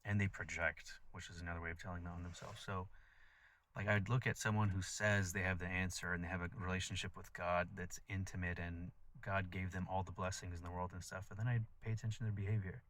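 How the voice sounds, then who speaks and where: Very deep-voiced man in rambling monologue. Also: level tone, fairly quick, fairly bright tone. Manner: rambling, blunt and profane, with many fillers. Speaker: vlogger. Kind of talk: casual spiritual monologue.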